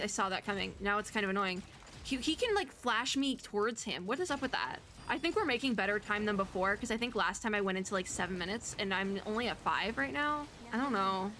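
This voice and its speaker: A young woman streamer giving chatty, giggly commentary while playing a game and reading its story aloud, breaking into excited squeals. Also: on the high side, a little hiss or hum. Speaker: VTuber streamer.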